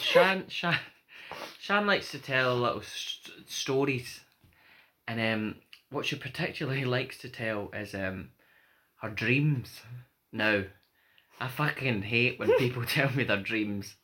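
A man's voice: mid-range voice, unhurried, bright, forceful tone. A man with a northern English accent, co-hosting a podcast with sweary, teasing, laugh-filled chat. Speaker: podcast co-host. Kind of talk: casual chat.

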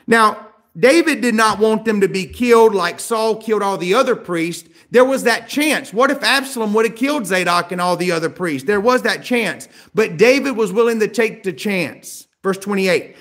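A man preaching a sermon, asking the listeners rhetorical questions and swinging from emphatic, raised passages to quiet, low asides. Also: animated, moderate pace. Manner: rhetorical questions, rising to emphatic peaks then dropping quiet.

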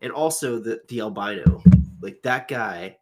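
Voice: medium pitch, lively intonation, a little slow, a little hiss or hum. A podcast co-host chatting casually about a movie, giggling and using many filler words. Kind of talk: casual movie review chat.

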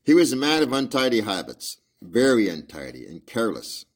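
A man reading aloud as a brilliant, precise Victorian male detective, in a measured, lecturing manner. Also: medium pitch, wildly swooping pitch. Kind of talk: audiobook reading with asides.

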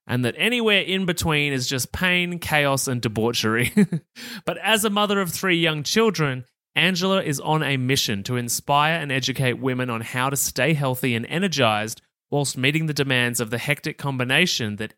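A man's voice: medium pitch, sharp tone, no echo. Aussie guy hosting a health podcast, upbeat and chatty, dry close mic. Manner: upbeat, chatty, quick to laugh. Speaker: podcast host. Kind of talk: enthusiastic podcast interview.

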